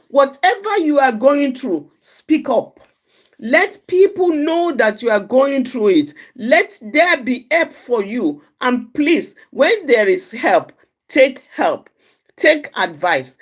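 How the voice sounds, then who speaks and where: Lively high-voiced woman from Nigeria. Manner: repetitive, restarts phrases, acts out quoted dialogue. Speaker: outreach speaker. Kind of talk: informal advice talk.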